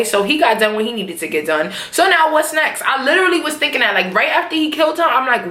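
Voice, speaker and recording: Animated slangy woman recapping a show. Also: fairly high pitch, quick pace, hardly any pauses, roomy sound. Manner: animated, slangy, acts out characters' lines. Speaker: TV episode recapper. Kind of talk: casual episode recap.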